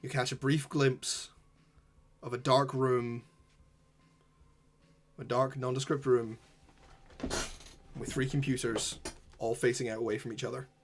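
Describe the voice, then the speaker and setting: A man narrating a tabletop role-playing game as game master, describing scenes slowly and deliberately. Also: mid-range voice, little pitch movement, a little hiss or hum.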